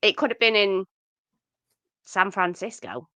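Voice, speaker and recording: A woman's voice: mid-range voice, animated, a little slow, sharp tone, dry recording. A woman co-hosting a podcast, chatting casually about a film with lots of fillers. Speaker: podcast co-host.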